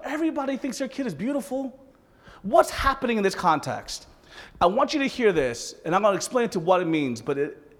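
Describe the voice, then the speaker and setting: A male pastor delivers a sermon in a high, very lively voice, tossing joking asides to his congregation. His voice carries a long reverb through a large hall.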